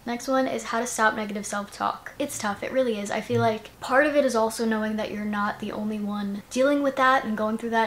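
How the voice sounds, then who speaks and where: A woman's voice: fairly high pitch, slight background noise. A young woman chatting casually in a reading vlog, gushing and filling her talk with "like" and "you know what I mean.". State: sleepy. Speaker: book vlogger.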